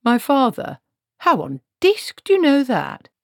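A woman's voice: sits high, huge pitch swings, a little slow, no echo, clean studio sound, voice pushed up, full character voice. A woman voicing an elderly, tired male wizard who grumbles as he talks, read as a storybook figure. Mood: weary.

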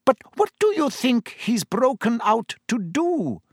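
A man voicing a curious, fretful female innkeeper in a storybook reading, lifting his voice high for her questions. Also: big pitch swings, measured pace, slightly rough, no room sound, clean studio sound, exaggerated voice. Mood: alarmed.

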